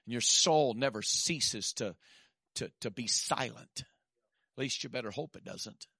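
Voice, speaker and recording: Preacher guy, bright sharp voice, yells then goes quiet, says amen a lot. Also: mid-range voice, a little slow, gravelly, slightly rough, no room sound, clean studio sound. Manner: fervent preaching that swings from shouted peaks to quiet asides, punctuated with "amen". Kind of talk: sermon.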